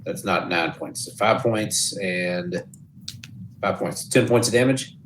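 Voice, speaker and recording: Low-voiced male player, unhurried. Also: a bit bright, a little hiss or hum, poor audio. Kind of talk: tabletop game play.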